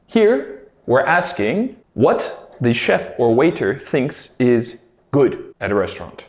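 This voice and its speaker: A man hosting an English lesson, explaining phrases and sound changes and repeating examples slowly and clearly. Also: mid-range voice, sing-song. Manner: slow, exaggerated modelling of example phrases. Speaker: English teacher. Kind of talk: lively teaching narration.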